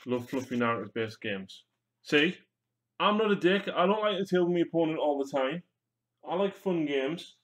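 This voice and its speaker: A man's voice: on the high side, animated, normal speed. A young man, chatting casually and joking while he paints miniatures on a live stream. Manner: joking, rambling, swears casually.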